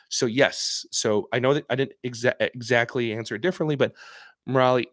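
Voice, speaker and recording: Host, male doctor, earnest and emphatic, mid pitch, dry close sound. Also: no echo. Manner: earnest, emphatic, repeats and restarts phrases; acts out patient voices in quotes. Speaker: psychiatrist host answering viewer questions. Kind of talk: casual live-stream talk.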